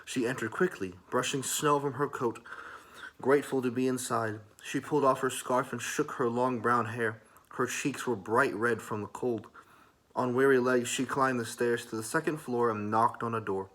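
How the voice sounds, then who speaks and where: A man reads a story aloud in a soft, calm ASMR style. His voice is bright and crisp, with a mid-range pitch. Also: moderate pace. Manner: calm, soft and even narration.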